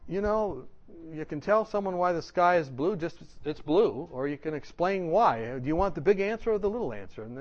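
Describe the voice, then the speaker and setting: A male pastor telling humorous stories in a sermon, animated and laughing often. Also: high voice, highs cut off. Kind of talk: storytelling sermon.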